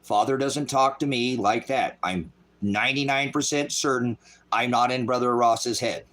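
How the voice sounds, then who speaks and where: A middle-aged man preaching in an angry, profane livestream style, voice swinging loud. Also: mid-range voice, moderate pace. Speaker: street preacher.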